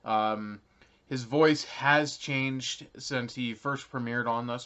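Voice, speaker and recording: Slow and sharp in tone, a young Canadian man's medium-pitched voice keeps a fairly even intonation as he explains something to his channel's viewers. He rambles casually, dropping many ums and uhs and chuckling lightly, in a somewhat dull lo-fi recording.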